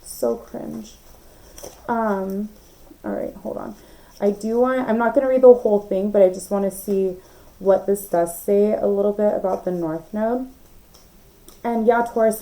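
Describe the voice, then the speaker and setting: A woman's voice: medium pitch, steady tone, moderate pace, dark tone, rough recording. A young woman giving a casual, emphatic tarot reading, talking straight to her viewers with lots of fillers and the odd swear word. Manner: chatty and emphatic, many fillers, swears, addresses viewers directly. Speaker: tarot reader.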